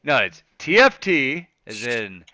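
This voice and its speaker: A man's voice: mid-range voice, sing-song, slow, sharp tone, no echo, studio quality. A man co-hosting a casual gaming podcast, teasing and enthusiastic, swearing as he talks. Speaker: podcast co-host.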